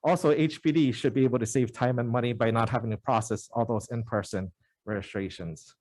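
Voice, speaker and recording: A man testifying at a legislative hearing as a member of the public, speaking in an earnest, halting way with many fillers. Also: medium pitch, steady tone, darkish tone.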